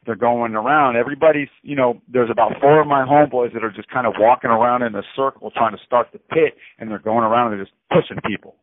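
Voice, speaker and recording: A man tells a rambling story in a casual, animated way, dropping "bro" into almost every line and circling back over his own words. The sound is dry and thin, squeezed through a phone line. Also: medium pitch, fast talker, hardly any pauses, dry recording. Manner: rambling and animated, says "bro" constantly, repeats himself. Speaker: incarcerated storyteller. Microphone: prison phone.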